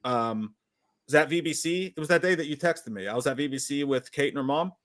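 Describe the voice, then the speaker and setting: A man's voice: fairly high pitch, fairly quick, a bit bright. A man co-hosting a casual livestream chat from home, cracking crude jokes and reading out viewer comments. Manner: crude joking, reads chat comments aloud. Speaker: livestream co-host.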